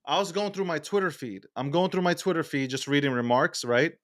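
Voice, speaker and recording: A man hosting a casual podcast, telling stories in an animated, profane, laughing way. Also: fairly high pitch, brisk, no room sound, studio quality. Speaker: host.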